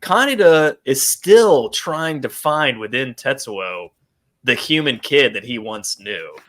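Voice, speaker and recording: A man chatting casually as a podcast co-host, his voice bright and forward. He rambles through his points with plenty of fillers, slipping into quick acted-out lines of dialogue. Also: medium pitch, lively intonation. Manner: rambling, acts out quotes, many fillers. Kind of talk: casual chat.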